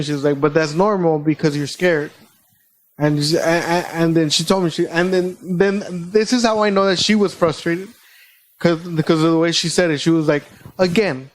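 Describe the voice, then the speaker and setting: A man co-hosting a podcast, telling a personal story in a casual, animated way with plenty of swearing. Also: a little high, rough recording. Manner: animated, swearing, quick retelling. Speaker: podcast co-host.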